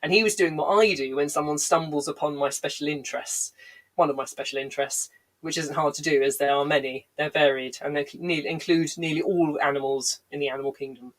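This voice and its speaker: Speaking fairly quickly in a low, steady voice, this woman comedian rambles through digressive stories laced with dry jokes at her own expense. The home livestream has poor audio, and she's a bit stuffed up with a cough that won't quit.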